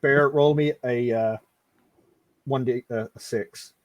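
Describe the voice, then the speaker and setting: A man's voice: medium pitch, fairly even intonation, no echo, lo-fi sound. Casual male game master, dry close sound. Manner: casual, halting, swears and restarts often. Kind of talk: running a live tabletop game.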